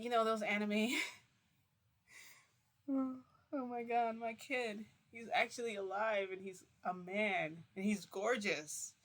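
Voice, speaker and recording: A woman's voice: deep voice, breathy edge. A woman telling a long personal story in a casual, rambling way, constantly switching into quotes with "I'm like" and "he's like.". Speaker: vlogger recounting a reality-shifting experience.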